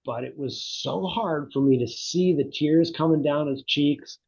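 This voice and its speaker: Middle-aged guy, husky voice, thoughtful and animated, slightly muffled lo-fi sound. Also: a little high, a little slow. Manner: reflective, animated storytelling. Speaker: guest psychotherapy researcher. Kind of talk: conversational interview.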